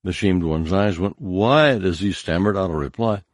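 A man narrating a story in measured scripted narration, giving harsh commanding voices to the characters. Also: low-pitched, no echo, clean studio sound. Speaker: audiobook narrator.

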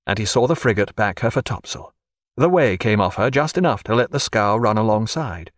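A man reading a historical sea novel aloud as narrator, with an expressive storytelling delivery. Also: mid-range voice, normal speed, no echo. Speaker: audiobook narrator. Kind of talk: scripted narration.

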